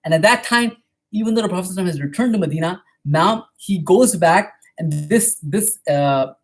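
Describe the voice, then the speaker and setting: Man, mosque lecturer, rapid storytelling delivery, slightly husky voice, frequent "right?" check-ins. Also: high-pitched, lively intonation. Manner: quick retelling, often checking in with "right?".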